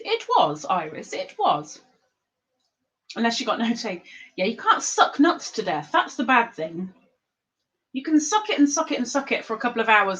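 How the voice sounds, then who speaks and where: A woman's voice: fairly high pitch, fairly bright tone, low-quality recording. A woman hosting an online trivia board game on her stream, chatting to viewers and sometimes talking with her mouth full. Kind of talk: casual live-stream chat.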